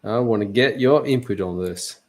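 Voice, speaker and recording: A man's voice: on the low side, moderate pace. A man co-hosting a trading podcast, joking, laughing often and asking questions. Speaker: co-host. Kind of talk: casual podcast banter.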